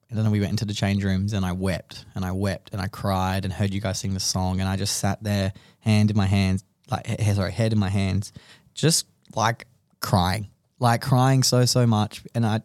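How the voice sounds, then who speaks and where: A man's voice: fairly low pitch, darkish tone, dry recording, clean studio sound. A young man hosting a podcast, telling an emotional story in a rambling way with many restarts. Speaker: podcast host. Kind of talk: casual chat.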